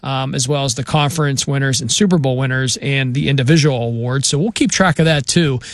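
A man's voice: medium pitch, a little fast, no room sound. A man hosting a sports radio show, wrapping up steadily with occasional "uh". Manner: steady, announcer-like with filler "uh".

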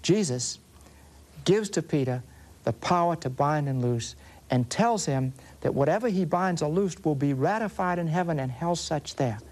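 Southern guy giving a catholic sermon, kinda high voice, earnest, slows down on the verses. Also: animated, darkish tone. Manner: earnest, explanatory teaching with slow emphasis on scripture references. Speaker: Catholic preacher.

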